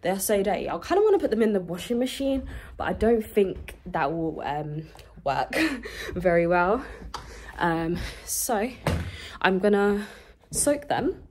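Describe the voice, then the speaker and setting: A woman's voice: mid-range voice, very animated, measured pace, darkish tone. A young woman, stuffy-nosed from the cold, rambling chattily to camera in a vlog, full of fillers and "guys". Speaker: vlogger. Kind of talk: casual chat to camera. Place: home, indoors, small rooms.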